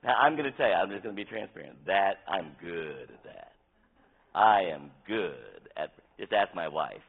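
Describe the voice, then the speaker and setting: A man's voice: low-pitched, sing-song, moderate pace, vocal fry, breathy edge. A man preaching an interactive sermon as pastor, talking in a conversational way and asking the congregation questions. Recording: tinny phone-like sound.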